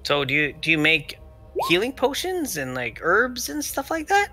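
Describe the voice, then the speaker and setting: A tabletop game player asking quick, excitable questions in and out of character. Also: medium pitch, soft background music. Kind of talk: casual tabletop play and in-character talk.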